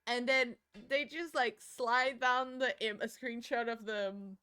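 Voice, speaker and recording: Brief: slightly high-voiced woman streamer, dramatic and profane, casual chat. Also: fairly even intonation, bright, forceful tone, smooth. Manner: dramatic, swearing, quick to laugh.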